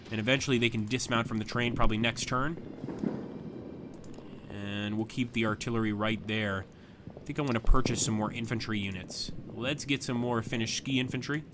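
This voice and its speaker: Guy streaming a war strategy game, chatty, walks viewers thru his moves, noisy background hum. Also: mid-range voice. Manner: chatty, talks viewers through moves, bursts of excitement at big attacks. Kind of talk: live strategy game commentary.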